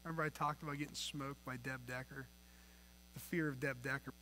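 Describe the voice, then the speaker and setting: A man preaching a sermon at an evening church service, earnest and emphatic, swinging between soft, low passages and louder pushes. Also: steady tone, brisk, slight background noise. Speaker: pastor. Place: church sanctuary. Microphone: pulpit mic.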